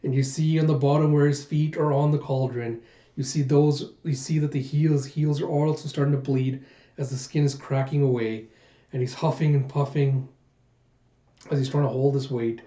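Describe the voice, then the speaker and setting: A man's voice: medium pitch, flat delivery, normal speed, dark tone. A man hosting a manga reaction, retelling the chapter in a loose, rambling way, in a muffled echoey room recording. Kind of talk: casual recap narration.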